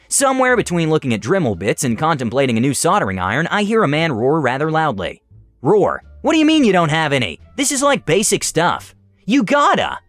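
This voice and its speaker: A man narrating online stories in an animated, scripted way. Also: mid-range voice, no room sound. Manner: animated storytelling.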